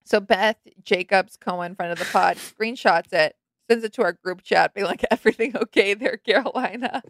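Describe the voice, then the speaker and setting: A woman's voice: fairly low pitch, moderate pace, creaky, no room sound. A young woman co-hosting a podcast, gossiping animatedly and acting out quotes in casual chat. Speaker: podcast co-host.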